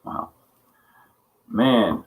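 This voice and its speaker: A man runs a casual livestream chat, rambling, swearing heavily, and laughing often as he greets viewers by name. His words are drawn out, and the audio quality is poor.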